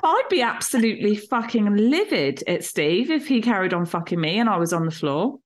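A woman's voice: medium pitch, big pitch swings, fairly quick. A woman co-hosting a podcast in casual chat, laughing often and swearing freely. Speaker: podcast co-host.

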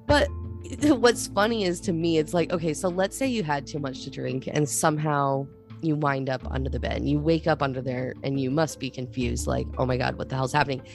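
A woman co-hosting a podcast in casual chat, telling stories with lively acted-out quotes. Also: low-pitched, moderate pace, creaky, soft background music. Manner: animated storyteller, acts out quotes. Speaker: podcast co-host.

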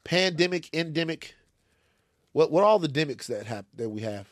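A man from Louisiana, co-hosting a casual comic chat and telling lively stories. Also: on the high side, normal speed, dry recording, clean studio sound. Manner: animated storyteller, acts out other voices. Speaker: podcast co-host.

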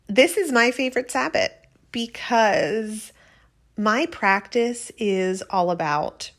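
Woman podcast host, mid-pitch voice, loose rambling solo chat. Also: a bit bright. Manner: rambling, chatty. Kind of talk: casual podcast monologue.

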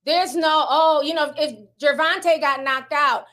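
Bright high-voiced chatty woman vlogger. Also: fairly even intonation, measured pace. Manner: chatty, laughs often, slangy asides. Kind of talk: casual gossip commentary.

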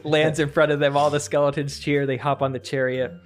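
Brief: podcast host, man, higher voice, animated and giggly improv storyteller, faint music behind. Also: a little fast. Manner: animated, giggling, hesitant restarts.

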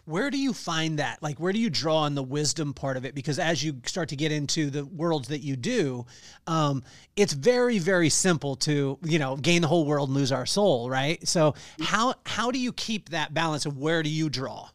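A man's voice: a little high, expressive, moderate pace, no echo, clean studio sound. A man hosting a podcast, asking questions in a playful, teasing way. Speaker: podcast host. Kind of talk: casual interview talk.

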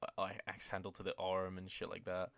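A man's voice: deep voice, monotone, fairly quick, creaky, fairly bright tone, no room sound. A young man co-hosting a podcast, casually recapping an old wrestling show, swearing freely and acting out the lines he quotes. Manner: laid-back, swears freely, acts out quoted lines for laughs. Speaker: podcast co-host.

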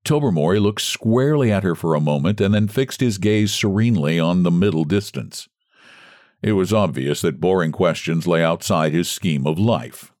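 A man narrating a story in a measured, expressive audiobook style. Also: low voice, no room sound, clean studio sound.

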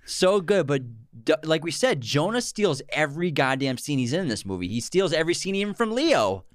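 A man's voice: on the high side, big pitch swings, a little fast, no room sound, studio quality. A man co-hosting a casual film podcast, chatting loosely, laughing often and quoting movie lines. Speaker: podcast co-host. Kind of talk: casual chat about films.

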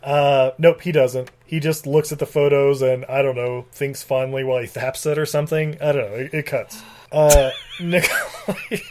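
A man's voice: medium pitch, wildly swooping pitch, moderate pace, a little hiss or hum. A man co-hosting a podcast, recapping a movie in a rambling casual chat, laughing often and swearing freely. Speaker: podcast co-host.

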